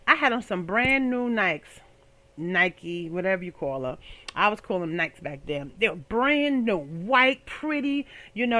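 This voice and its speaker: A young woman hosting a podcast, telling a comic story in a lively voice that swings between loud outbursts and low asides. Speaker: podcast host. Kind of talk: storytelling monologue.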